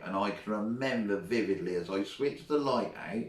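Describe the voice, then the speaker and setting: A middle-aged former teacher, appearing as a guest, casually recalls old school stories at normal speed and an ordinary middle pitch. He's chatty and laughs often, and the roomy sound suggests he's some distance from the mic.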